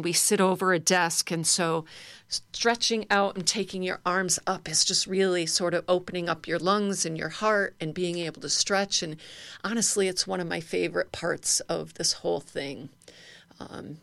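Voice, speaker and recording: A woman's voice: on the low side, vocal fry, fairly bright tone, no echo. A middle-aged woman instructor leading a guided laughter exercise class in a playful way, chanting and laughing along.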